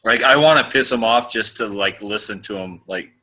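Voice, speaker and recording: Brief: low-pitched man, very bright and sharp tone, crude laughing banter. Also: moderate pace, lo-fi sound. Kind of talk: casual voice chat.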